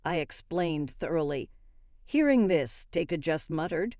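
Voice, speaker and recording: A woman reading a first-person story aloud in an even, calm storytelling manner. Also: low-pitched, slow pace, no echo, clean studio sound. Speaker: story narrator.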